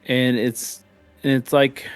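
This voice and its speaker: A man's voice: medium pitch, flat delivery, slow, smooth, dry recording, faint music behind. Man running a tabletop game, joking. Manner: loose, rambling, jokey narration. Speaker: game master. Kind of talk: narrating a live tabletop game.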